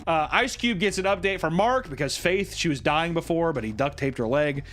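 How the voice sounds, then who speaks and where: A man casually recapping a film's plot, laughing often and acting out characters' lines in quick voices. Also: fairly high pitch, animated, a bit bright, soft background music. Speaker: podcast host recapping a film. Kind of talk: casual chat.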